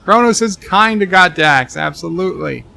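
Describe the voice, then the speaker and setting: A man streaming a game live, reading viewer comments aloud and answering them with deadpan jokes and rambling asides. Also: high voice, normal speed, vocal fry. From Texas. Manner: rambling asides with many restarts. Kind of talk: live-stream chat reading while gaming.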